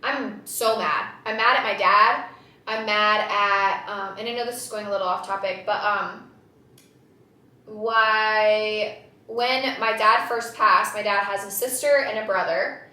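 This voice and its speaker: A woman hosting a podcast, talking casually in a loud, animated way and laughing often. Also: mid-range voice, a little slow, recorded from a distance. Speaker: podcast host. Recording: roomy echo.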